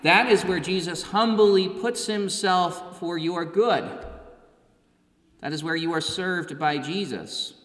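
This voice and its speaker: A man's voice: high voice, slow pace, fairly bright tone. A man preaching an earnest sermon as pastor, stressing his points through repetition in a church. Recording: echoey church with long reverb.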